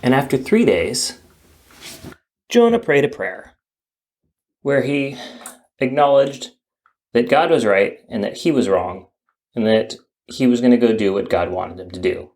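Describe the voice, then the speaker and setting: A man's voice: mid-range voice, a little slow, pauses often. Playful man telling a kids' Bible story. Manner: playful, animated storytelling with silly voices. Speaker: children's ministry teacher.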